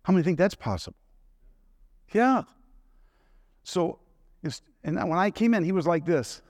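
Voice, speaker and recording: A man's voice: sits high, animated, measured pace, darkish tone, dry recording. A middle-aged man preaching a sermon, telling personal stories in a conversational way and asking the congregation questions.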